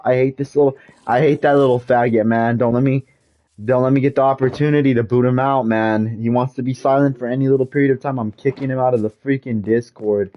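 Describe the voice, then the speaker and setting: A man's voice: medium pitch, fairly even intonation, fairly quick. Frustrated man ranting on a lo-fi stream. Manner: frustrated ranting, repetitive, swears mildly. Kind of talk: casual gaming stream rant.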